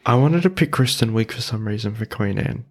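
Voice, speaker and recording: A man co-hosting a casual film podcast, excitable and quick to protest or mock his co-host. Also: fairly low pitch.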